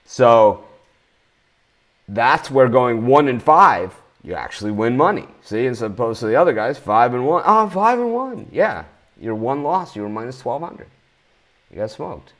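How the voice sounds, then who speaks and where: Man, sports betting host, blunt, ranting, cursing, medium pitch. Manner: blunt, ranting, swears freely. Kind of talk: live sports betting talk.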